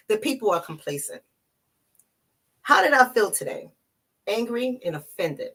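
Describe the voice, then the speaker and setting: A woman from the Bronx speaks straight to her viewers with a husky, slightly breathy voice. Her pitch swings widely as she presses her points home, emphatic and personal. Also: fairly bright tone. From the Bronx, New York. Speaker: relationship coach. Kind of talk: emotional vlog to camera.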